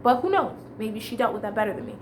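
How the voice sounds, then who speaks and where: A woman's voice: on the high side, expressive, quick pace, background noise. A woman telling a long personal story in a casual, rambling way, with fillers and restarts.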